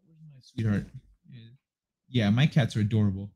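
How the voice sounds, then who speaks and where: A man with a low-leaning, warm voice with a breathy edge speaks at normal speed and fairly even intonation. He's a livestream host in his apartment living room, rambling casually to viewers at a desk microphone and swearing freely.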